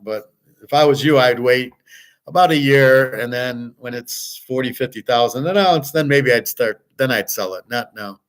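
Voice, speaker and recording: A man's voice: mid-range voice, moderate pace, fairly bright tone, clean tone. An older man hosting a show, talking in a rambling, blunt personal monologue with frequent profanity. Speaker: show host.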